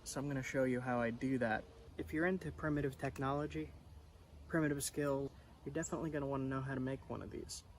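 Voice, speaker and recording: A man's voice: medium pitch, fast. Man vlogging outdoors over background noise. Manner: relaxed, explains as he works. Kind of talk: casual camping vlog. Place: outdoors in the wilderness.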